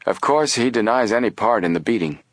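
A man's voice: fairly low pitch, animated, brisk, no room sound, voice pushed up. A man doing a tall, drawling police lieutenant.

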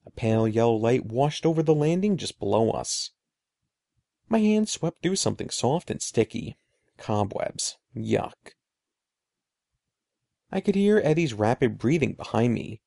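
Man, storybook narrator, suspenseful, expressive, gravelly voice, lively intonation. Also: mid-range voice, a little slow, pauses often, dry recording, studio quality. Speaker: audiobook narrator.

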